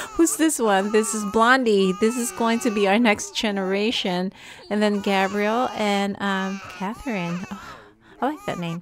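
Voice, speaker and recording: Slow-talking excited woman gamer. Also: mid-range voice, slight background noise. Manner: excitable, many fillers, talks to viewers. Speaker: gaming video host. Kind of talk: casual gameplay commentary.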